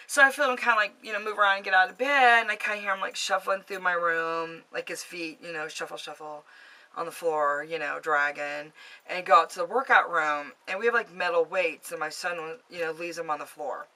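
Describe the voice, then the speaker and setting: A woman's voice: lowish voice, fairly quick, bright, forceful tone. A woman telling a ghost story to camera in a casual, rambling way, filled with fillers, recorded in her home basement. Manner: chatty, rambling, with many fillers. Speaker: vlogger telling ghost stories.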